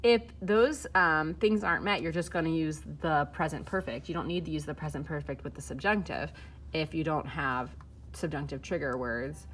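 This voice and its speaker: A woman's voice: low voice, moderate pace, slight background noise. A woman teaching Spanish grammar, explaining step by step in a casual way with fillers, while filming and typing. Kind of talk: recorded lesson walkthrough.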